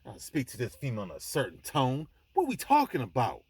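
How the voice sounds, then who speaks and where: A man's voice: mid-range voice, huge pitch swings, quick pace, slightly rough, no room sound. A man hosting his own vlog, delivering a blunt, emphatic, preachy monologue with frequent restarts, speaking from an airport. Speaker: vlog host. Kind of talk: impassioned monologue to the camera.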